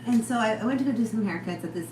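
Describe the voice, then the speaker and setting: A woman co-host chatting casually, relaxed and asking questions as she tells stories. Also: a little high, racing. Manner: relaxed, conversational, prompts with questions. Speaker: podcast co-host. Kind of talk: casual storytelling chat. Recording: roomy with background noise.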